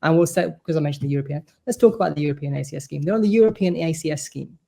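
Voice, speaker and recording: His voice is a little high yet gravelly and dark, and the words come rapid-fire. The supporters' representative, vice-chair of the board, joins a laid-back podcast as a guest, earnestly explaining things at length.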